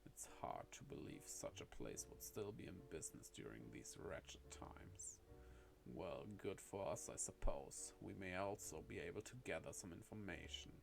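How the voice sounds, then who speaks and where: A man voicing a brooding, menacing man in a game, talking low and hushed. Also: normal speed, creaky, hardly any pauses, music in the background.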